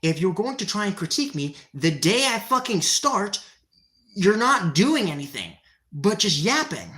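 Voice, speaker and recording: A woman's voice: mid-range voice, fairly bright tone. A woman livestreaming a workout, ranting heatedly and profanely at her chat, winded from exercise. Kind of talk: livestream chat while working out.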